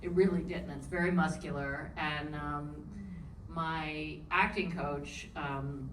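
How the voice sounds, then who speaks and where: A woman's voice: low-pitched, slow pace. A woman from New Orleans with a Southern accent, an actress telling stories at a panel Q&A with lots of laughter. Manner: animated, laughing storyteller. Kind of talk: panel Q&A chat. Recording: roomy hall, distant mic, faint noise.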